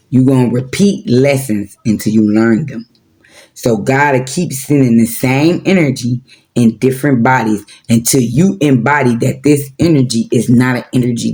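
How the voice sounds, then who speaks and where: A man's voice: medium pitch, creaky, warm tone. A man in his forties giving a casual, preachy spiritual talk with slang and profanity, repeating his points. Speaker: spiritual vlogger.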